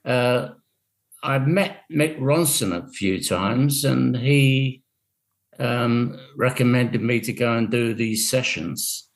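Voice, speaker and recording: A man's voice: mid-range voice, slow pace. An older man from England, a guest on a radio show, telling stories in a dry, wry way over a video call. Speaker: guest musician. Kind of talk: casual radio interview.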